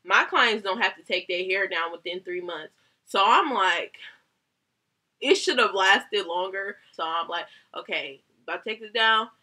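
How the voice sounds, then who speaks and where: A young woman, a hairstylist, telling a heated story about a bad salon visit, animated and swearing often. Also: medium pitch, a little slow. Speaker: hairstylist vlogger. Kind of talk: casual storytime rant.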